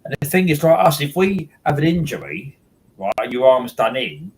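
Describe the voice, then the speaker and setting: A man's voice: fairly high pitch, sing-song, normal speed, a little mellow, low-quality recording. A man, hosting a casual chat and rambling with many restarts and repeated words. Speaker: host.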